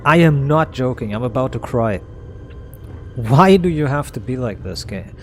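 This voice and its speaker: A man's voice: mid-range voice, expressive, normal speed, a little hiss or hum. A man streaming a game, ranting in exasperation, swearing a lot and stammering as he repeats himself. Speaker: gameplay streamer. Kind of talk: live gameplay commentary.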